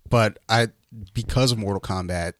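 A man in a casual podcast chat, loose and swearing a lot as he tells quick stories. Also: fairly low pitch, dry recording, studio quality. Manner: loose, heavy swearing, laughing while telling stories.

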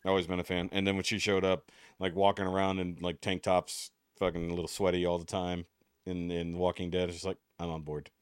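Deep, smooth-voiced male podcast host. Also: monotone, brisk, dry recording, clean studio sound. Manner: rambling, loose, swears freely. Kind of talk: casual chat.

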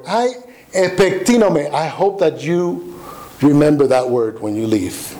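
Man preaching, slightly high voice, very slow deliberate pace, faint room hum. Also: lively intonation, dark tone, poor audio. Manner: earnest, emphatic, with repeated stammered restarts. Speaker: pastor. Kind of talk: sermon.

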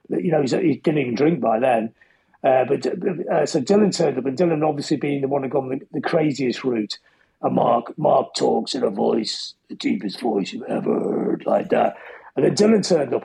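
On poor audio, a middle-aged man's slightly high, gravelly voice comes through dark and a little rough. He's a musician and author being interviewed, and he tells loose, chatty anecdotes, often starting over mid-thought in this relaxed storytelling conversation.

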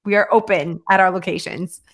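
A woman's voice: fairly low pitch, steady tone, brisk. A woman co-hosting a casual livestream, talking in a chatty way with lots of fillers and restarts. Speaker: co-host of a livestream.

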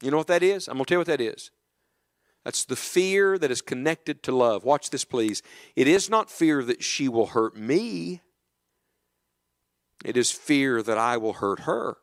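A middle-aged man preaching a sermon in church, dropping to an earnest hush and rising to emphatic calls, often asking the congregation questions. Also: mid-range voice, expressive, a little slow. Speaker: evangelist preacher.

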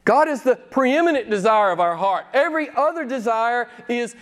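A man with a high voice delivers a sermon from the pulpit. He preaches emphatically, pausing for effect and pressing the congregation with rhetorical questions. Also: sing-song. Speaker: pastor.

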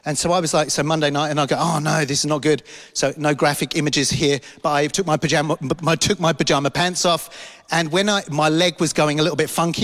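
Animated pastor in a reverberant church. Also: male voice, a little high. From London. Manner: animated storytelling, acting out voices, laughing at himself. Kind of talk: sermon with personal story. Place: church hall.

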